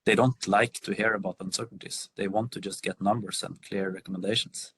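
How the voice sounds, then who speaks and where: A man's voice: low voice, steady tone, a little fast, a bit bright, breathy edge, poor audio. A man on a video call answering a workshop question, hesitant with many fillers and restarts. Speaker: workshop panelist.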